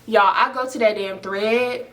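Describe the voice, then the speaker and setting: A woman in her twenties tells a casual storytime to viewers, animated and slangy, swearing often as she talks straight to the camera. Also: mid-range voice, measured pace, distant mic. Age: 20s. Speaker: storytime vlogger.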